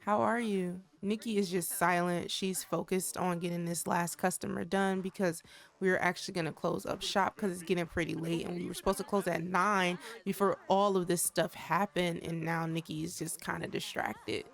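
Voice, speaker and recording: A woman's voice: on the low side, flat delivery, moderate pace, creaky. A young adult woman giving casual, chatty commentary while playing a life-sim game, talking straight to her viewers. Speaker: gaming creator.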